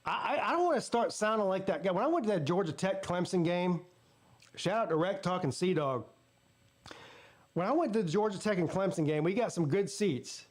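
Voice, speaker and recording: A man's voice: sits high, lively intonation, brisk. A man hosting a live football watch party, casually ranting and telling stories with plenty of swearing. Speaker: sports channel host. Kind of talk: live game watch-party commentary and storytelling.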